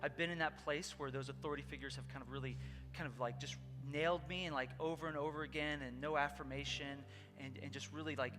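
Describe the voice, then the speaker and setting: A man's voice: fairly high pitch, steady tone, quick pace. A man preaching a conversational sermon, telling a personal story earnestly and speaking directly to his congregation. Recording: long hall reverb with loud music behind.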